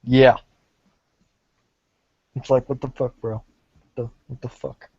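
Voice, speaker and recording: A man's voice: mid-range voice, level tone, takes it slowly, mellow, husky, no room sound, muffled recording. A young man co-hosting a casual podcast over a call, sarcastic and swearing freely. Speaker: podcast co-host. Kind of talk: casual chat.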